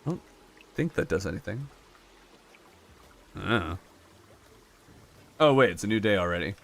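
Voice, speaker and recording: Laughing, lively male game streamer. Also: fairly low pitch, normal speed, creaky. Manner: animated, laughs often, jokey. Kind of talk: casual live-stream chat, reading chat aloud.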